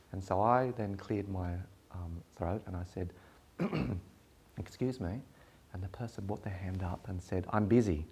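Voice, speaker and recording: A man presenting a talk, telling a personal story in an animated, wry way. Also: fairly low pitch, husky.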